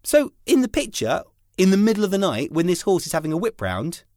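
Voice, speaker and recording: British male co-host, 30s, wry, lively delivery, dry mic. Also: high-pitched, a little fast, no echo. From United Kingdom. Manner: wry, mock-indignant storyteller. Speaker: podcast co-host. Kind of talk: casual chat.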